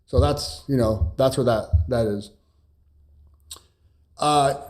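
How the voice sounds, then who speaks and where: A man's voice: mid-range voice, slow, a little mellow. A young man from California chatting casually in a live Q&A, rambling with many fillers and restarts, blunt and swearing at times. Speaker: cybersecurity streamer answering viewer questions.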